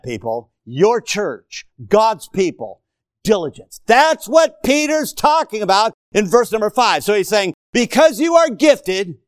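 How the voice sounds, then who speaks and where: A man preaching a lively, playful sermon to his congregation in a church, talking straight to them and joking with them. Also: sits high, dry recording, clean studio sound. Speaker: pastor. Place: church auditorium.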